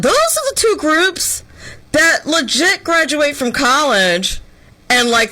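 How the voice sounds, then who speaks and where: Sarcastic woman host, animated and bright. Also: mid-range voice, low-quality recording. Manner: sarcastic, exasperated ranting. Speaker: radio show host. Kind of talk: opinionated talk-show commentary.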